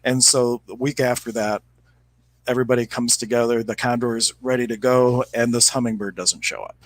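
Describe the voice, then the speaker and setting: Relaxed man telling a fable. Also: medium pitch, brisk, poor audio. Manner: relaxed, animated storyteller with fillers. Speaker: podcast co-host. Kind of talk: casual spiritual chat and storytelling.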